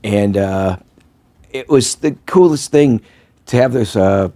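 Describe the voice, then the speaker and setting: Man from wisconsin, podcast guest, rambling, low mellow voice. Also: animated, slow. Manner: rambling, laughs often, loses his thread. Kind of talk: casual podcast chat.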